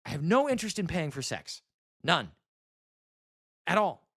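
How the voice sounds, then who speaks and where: A man in his thirties vents in a bitter, exasperated monologue, cursing freely and circling back over the same complaints. His voice is tense and sharp-edged, and it sits a little higher than most men's. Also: sing-song, moderate pace, husky. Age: 30s. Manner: bitter, exasperated, swearing, repeats himself. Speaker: vlogger. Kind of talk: ranting monologue to camera.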